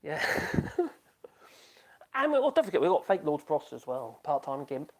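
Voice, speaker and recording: A man's voice: fairly high pitch, big pitch swings, moderate pace. A middle-aged man, chatting casually on a live stream in a rambling way, trailing off and restarting his sentences.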